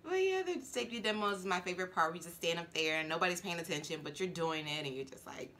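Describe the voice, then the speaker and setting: A flight attendant reacts to a TV show in easy, chatty talk full of fillers and laughs. She is a woman with a bright, clear voice. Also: lowish voice, animated, fast talker. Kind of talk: casual reaction commentary.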